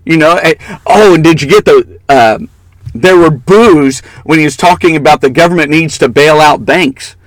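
A man's voice: fairly high pitch, moderate pace, no room sound, poor audio. A man co-hosting a casual political talk show, giving opinionated and mocking commentary. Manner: opinionated, mocking, laughs often.

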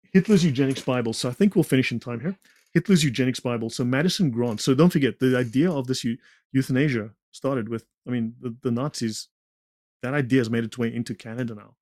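A man with a medium-pitched, slightly mellow voice presents slides in conversation, his lecture-style talk full of digressions and sarcastic comments. It's a dry, studio-quality recording.

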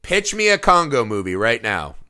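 Bright-voiced man telling profane stories. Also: medium pitch, normal speed. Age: adult father. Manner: profane, animated storytelling with laughs. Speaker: podcast co-host. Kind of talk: casual movie review chat.

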